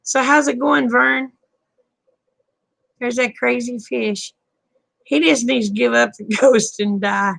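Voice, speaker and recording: A woman's voice: a little high, fairly even intonation, takes it slowly, creaky, pauses often, fairly bright tone, no echo. An older woman, hosting a casual late-night chat and calling viewers honey and babe. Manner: folksy, calls people honey and babe. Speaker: live stream host.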